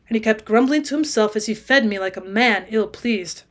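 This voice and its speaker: A woman's voice: on the high side, a little fast. A woman reading a classic novel aloud for students, raising her voice for the dialogue. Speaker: audiobook reader and teacher.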